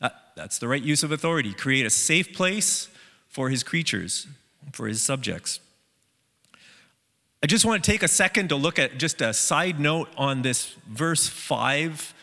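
Man, preacher, relaxed sermon, halting restarts, crisp bright tone, echoing church hall. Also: on the high side. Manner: conversational, with many restarts and fillers.

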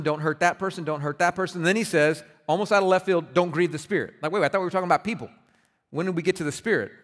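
A man preaching a sermon as pastor, earnest and conversational, often restarting his words. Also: high-pitched. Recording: reverberant hall.

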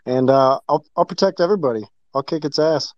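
A man in a casual chat, speaking in a halting, hesitant way. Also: fairly high pitch, no room sound. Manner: halting and hesitant, with many fillers. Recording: dull lo-fi mic.

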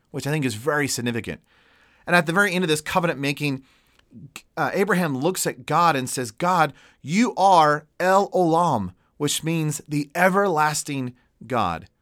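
A man delivers a sermon in an earnest, emphatic way, stressing the important words. His voice sits a little high for a man. The sound is dry and close, with no room echo. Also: a bit bright. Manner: earnest, emphatic on key words, quotes God's voice. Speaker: preacher. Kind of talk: sermon teaching.

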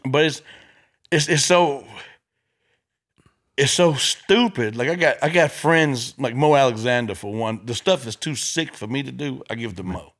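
This male comic swaps stories in relaxed conversation, swearing freely and playing out each person he describes with lots of energy. He has a mid-range voice and talks at a normal speed.

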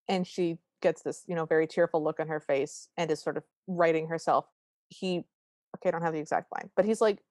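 A woman co-hosting a podcast recaps a film in casual, animated chat, acting out the characters' lines. She has a lowish voice, talks fairly quickly, and there's no room sound.

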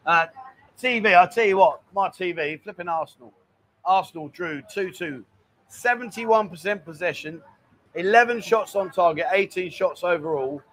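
A man's voice: high voice, moderate pace, fairly bright tone. A man hosting a casual live stream, chatting and reading out viewer greetings. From England.

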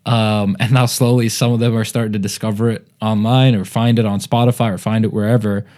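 A man's voice: lowish voice, little pitch movement, fairly quick, darkish tone. A man with an American accent, a comedian hosting a podcast, talking in a thoughtful, rambling way with many fillers. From United States, Indian family. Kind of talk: casual chat.

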